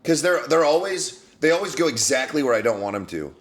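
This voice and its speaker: A man's voice: on the high side, animated, a little fast. Earnest contrarian young man podcasting. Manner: earnest, contrarian, argues half-baked points. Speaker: podcast co-host, comedian. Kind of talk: casual comedy podcast banter.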